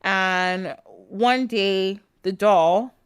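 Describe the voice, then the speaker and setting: A woman podcast host casually retelling a folk tale, animated, laughing often and using "like" a lot. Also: mid-range voice, drawn-out words, clean tone, dry recording, studio quality. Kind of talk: casual storytelling.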